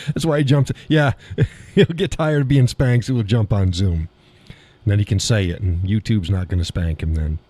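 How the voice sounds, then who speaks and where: Male stream host, low voice, blunt and mocking, chuckles between rants. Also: normal speed, dark tone, no echo. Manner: blunt, scornful, laughs often. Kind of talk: casual political commentary reading chat.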